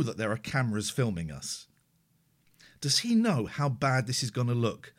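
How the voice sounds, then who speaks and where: Man, live-stream reaction, lively swooping pitch, bright tense tone, mocking. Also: normal speed. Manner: animated and mocking, drops to a hushed inner voice.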